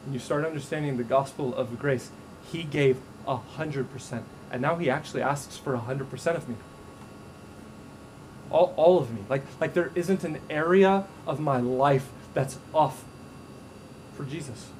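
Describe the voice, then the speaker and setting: A male pastor preaching a sermon to a congregation, animated and playful, acting out the voices in his stories. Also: mid-range voice, moderate pace, a little hiss or hum. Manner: animated, acts out quoted voices with humor. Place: church stage before a congregation.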